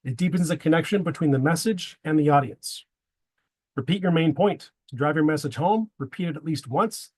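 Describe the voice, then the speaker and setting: A man's voice: a little high, fairly quick, a little mellow, breathy edge. A man giving a prepared presentation to a men's group, slipping wry dad jokes between his tips.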